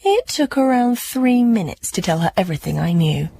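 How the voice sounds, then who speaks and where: A woman's voice: mid-range voice, animated, normal speed, creaky, mellow, slightly rough, no echo. An actress playing Edna, an earnest, awkward young woman who narrates her own story with dry, hesitant humour in a radio drama. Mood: wry. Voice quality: hesitant, wry, self-deprecating.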